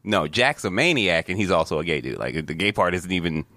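A man's voice: low-pitched, expressive, a little fast, sharp tone, no room sound. A man co-hosting a casual chat, rambling and opinionated, often repeating words. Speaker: podcast co-host.

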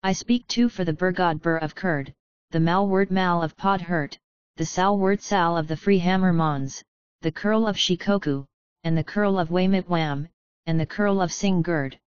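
A woman's voice: fairly low pitch, moderate pace, clear, resonant tone, dry recording, highs cut off, lightly acted. A woman voicing a small, proud, bitter male goblin leader who gives a grand speech in a raw, emotional voice.

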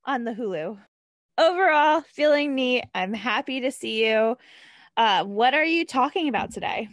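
Bubbly jersey girl chatting on a podcast, kinda high voice, dry close mic. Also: moderate pace, fairly bright tone, no room sound. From New Jersey. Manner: bubbly, laughs often. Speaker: podcast co-host. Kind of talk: casual chat.

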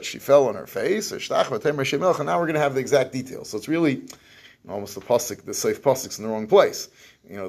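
Gravelly-voiced man teaching a Torah class. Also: mid-range voice. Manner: explains verses by reading, translating and acting out the lines; Yeshivish English with Hebrew phrases. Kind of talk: recorded evening Torah class.

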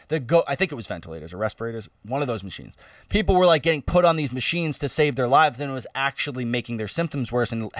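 A young man in casual chat, talking in halting bursts with restarts. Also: mid-range voice, fairly bright tone, no echo, studio quality, far from the mic. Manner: talks in halting bursts, backchannels often.

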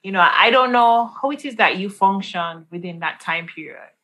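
A woman's voice: mid-range voice, expressive, normal speed, a bit bright, poor audio. A woman hosting an interview, asking long, engaged questions. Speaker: podcast host.

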